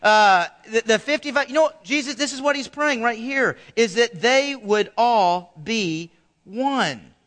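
Man, pastor, animated conversational sermon, high pitched, long hall reverb. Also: unhurried. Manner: animated, acts out quoted voices, conversational. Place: large church hall.

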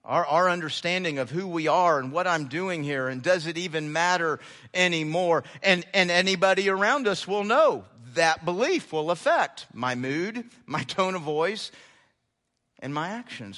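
A man preaching a sermon as pastor, emphatic, often repeating words and climbing sharply in pitch on his key lines. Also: expressive, normal speed, sharp tone. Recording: long hall reverb.

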